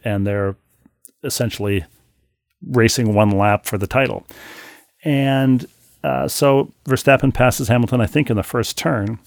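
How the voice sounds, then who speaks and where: A man co-hosting a podcast, reading listener mail aloud and then telling a story in a wry, animated way, with frequent restarts, on a close studio mic. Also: on the low side, gravelly, dry recording. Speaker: podcast co-host.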